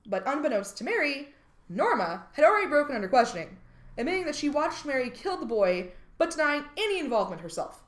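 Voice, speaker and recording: A woman hosts a true crime podcast, walking through case facts with a high, very lively voice that swoops up and down. She breaks off into jokes and the odd swear word. The sound is roomy and echoey. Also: fast. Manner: reads case details, then jokes and swears. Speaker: podcast co-host.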